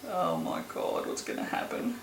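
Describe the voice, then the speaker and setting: A woman making soap at home, chatting casually and groaning and swearing in disgust at a smell. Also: moderate pace. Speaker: soap maker. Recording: echoey room with noise.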